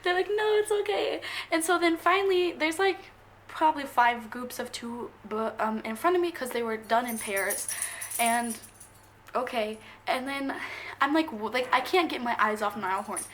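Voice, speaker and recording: High-voiced young woman gushing to camera. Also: expressive, a bit bright, a little hiss or hum. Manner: gushing, rambling, quick jumps between thoughts. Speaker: vlogger. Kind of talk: excited storytelling to camera.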